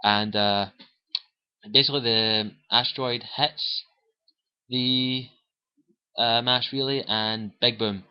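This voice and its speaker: A man's voice: mid-range voice, steady tone, takes it slowly, long pauses, clean tone, dull audio. Rambling, foul-mouthed man reviewing a game. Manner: profane, rambling retelling with acted quotes. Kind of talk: casual spoken game review.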